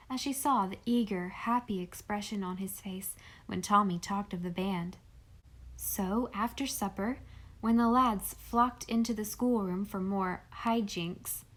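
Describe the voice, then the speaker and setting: A woman reading a classic novel aloud as an audiobook narrator, with gentle, even storytelling. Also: mid-range voice. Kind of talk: scripted narration.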